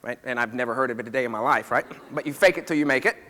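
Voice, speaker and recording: A man's voice: medium pitch, rapid-fire, pushed and bright. A man, a chiropractor, telling a story to a live audience in a casual, conversational way, often checking in with the listeners. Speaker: chiropractor speaker. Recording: reverberant hall.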